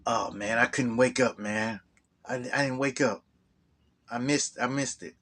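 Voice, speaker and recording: A man's voice: big pitch swings, slow, vocal fry, exaggerated voice. A man doing a mumbling, groggy down-and-out guy. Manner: low, quiet mumbling. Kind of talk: storytelling.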